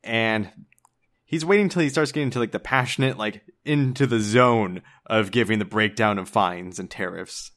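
A man's voice: lowish voice, normal speed, a bit bright. A man playing a tabletop game, casually thinking aloud about his character's moves. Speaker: player.

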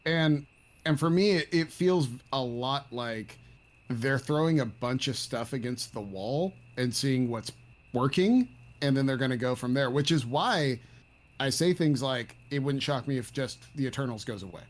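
A man's voice: mid-range voice, expressive, moderate pace. A man co-hosting a casual movie review chat, enthusiastic and jokey as he talks. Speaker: podcast co-host.

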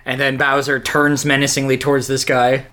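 A podcast co-host in a casual, comic review, joking with quick asides. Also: mid-range voice. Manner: lively, jokey, fast asides.

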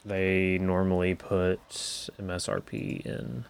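Male podcast co-host, low and resonant, relaxed, few words. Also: slow, gravelly, clean tone. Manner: laid-back, brief replies, chuckles often. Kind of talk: casual chat about guitar gear.

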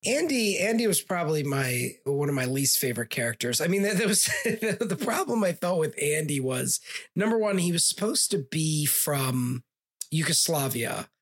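Co-host with a husky, breathy voice, casual and mocking, laughs often. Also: medium pitch, sing-song, normal speed. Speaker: podcast co-host. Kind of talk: casual movie review chat.

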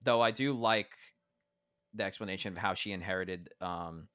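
A man with a very low, deep voice talks through a movie in a loose, rambling way, full of fillers and restarts. The sound is dry and close, with no room around it. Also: moderate pace, fairly bright tone, no echo. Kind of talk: casual movie review chat.

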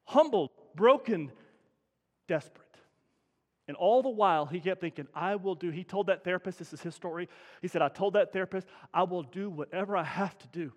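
A middle-aged man preaches a sermon with a high-pitched voice, talking to the congregation like a neighbor before pushing into loud, emphatic peaks. The sound carries the long reverberation of a church sanctuary. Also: a little fast. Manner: conversational preaching with rising emphatic bursts. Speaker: pastor.

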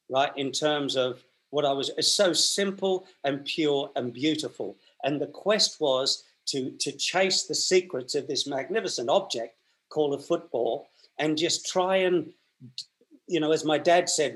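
An Australian man with a fairly high, slightly bright voice is a guest in a conversational interview. He tells long stories, often restarting and repeating his words.

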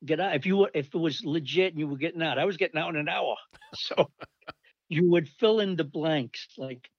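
A man's voice: fairly high pitch, moderate pace, no echo, lo-fi sound. An older man telling rambling army stories in casual talk, acting out the voices of people he quotes. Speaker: storyteller recalling army days. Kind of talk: casual anecdote.

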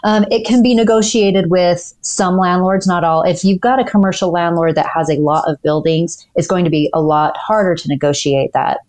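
A woman lawyer on a podcast, explaining lease terms in a clear, methodical way with the odd "um". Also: on the low side, moderate pace, few pauses, darkish tone. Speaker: dental practice lawyer, guest.

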